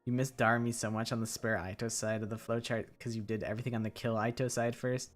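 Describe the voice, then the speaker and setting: A man's voice: mid-range voice, flat delivery, fast talker, soft background music. A man streaming a game, reading the dialogue aloud and chatting casually, swearing now and then.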